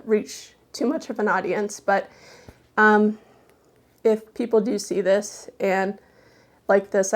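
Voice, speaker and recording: A woman reading a folksy horror tale aloud, then chatting softly and hesitantly to her viewers. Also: medium pitch. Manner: folksy storytelling dialect, then soft hesitant chat. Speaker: storyteller.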